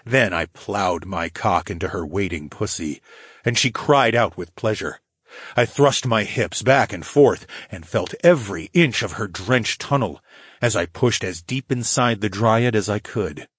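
A man narrating a fantasy audiobook in the first person, with a steady, low growling delivery. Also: measured pace, slightly rough, dry recording, clean studio sound.

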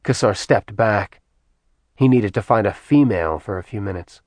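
A man reading a novel aloud in measured, even scripted narration. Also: lowish voice, dry recording. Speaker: audiobook narrator.

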